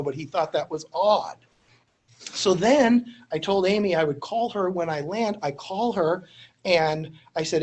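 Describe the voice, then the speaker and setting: A man who teaches at a university, telling an anecdote in a lecture, self-deprecating, with many fillers and restarts. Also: sits high. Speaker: university instructor. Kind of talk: storytelling lecture.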